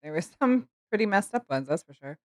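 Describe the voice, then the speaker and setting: A woman chats on a casual podcast in a lower voice with a lively, swooping melody. She adds wry asides and laughs often. The recording is dry and close. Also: a little fast, no echo. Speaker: podcast co-host. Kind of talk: casual chat.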